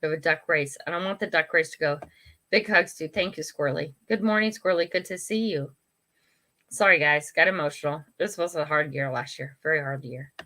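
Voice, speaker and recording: An older woman hosts a casual live chat, answering comments as they come in. Her voice sits a little low but sounds bright and forceful, and she talks frankly, laughs easily, and keeps saying sorry. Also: brisk. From United States. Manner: chatty, frank, laughs often, apologizes and restarts. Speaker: livestream host.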